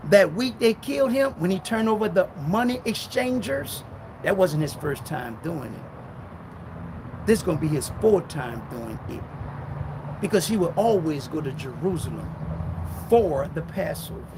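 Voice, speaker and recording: High-voiced fiery male preacher. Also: animated, noisy background. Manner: fiery, rhetorical, jabbing questions at listeners; reads scripture slowly and forcefully. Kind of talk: live-streamed street-style sermon.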